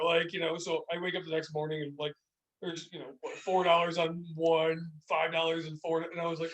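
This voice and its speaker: A man's voice: a little high, a little fast, distant mic, low-quality recording. A man co-hosting a casual podcast, telling rambling stories full of fillers. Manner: animated, rambling storyteller with many fillers. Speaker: podcast co-host. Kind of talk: casual chat. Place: small room, beer podcast.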